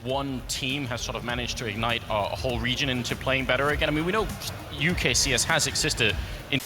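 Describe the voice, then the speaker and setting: A man's voice: medium pitch, fast talker, background noise. A man hosting an esports panel, asking questions and making dry remarks. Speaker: esports host. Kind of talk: live tournament commentary.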